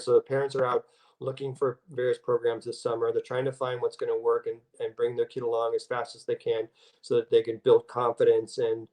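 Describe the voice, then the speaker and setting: A man's voice: mid-range voice, dark tone, poor audio. Hesitant male interviewer. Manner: hesitant, lots of fillers and restarts. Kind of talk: casual interview questions.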